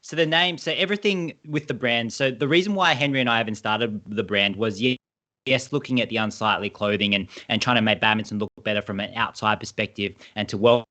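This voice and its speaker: Australian male co-founder, lowish voice, enthusiastic and wordy on a video call. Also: brisk, pushed and bright. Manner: enthusiastic, rambling explanations. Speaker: badminton brand co-founder. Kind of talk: casual interview talk.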